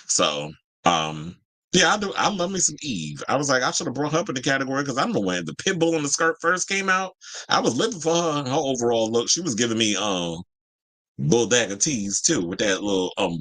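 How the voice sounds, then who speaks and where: A man from Georgia hosts a casual entertainment chat. His pitch swoops up and down as he talks, slangy and full of asides. He laughs easily and keeps a loose, gossipy flow. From Georgia, USA. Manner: animated, chatty, laughs often, slangy asides. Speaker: host.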